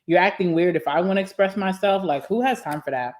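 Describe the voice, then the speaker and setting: A young woman vlogger talking casually and candidly to camera while eating, sassy and quick to laugh. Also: fairly low pitch, darkish tone. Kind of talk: casual mukbang chat to camera.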